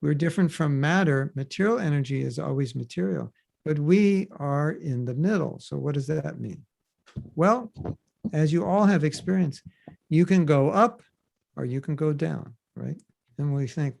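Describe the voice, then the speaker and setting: A man hosting a podcast, teaching scripture in a casual, animated way and acting out quoted voices. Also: a little high, normal speed, vocal fry, no echo.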